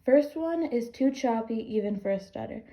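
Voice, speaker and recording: A woman's voice: on the high side, expressive, normal speed. A woman cutting in as guest co-host, talking in a brash, teasing, dramatic way. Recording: dull lo-fi mic.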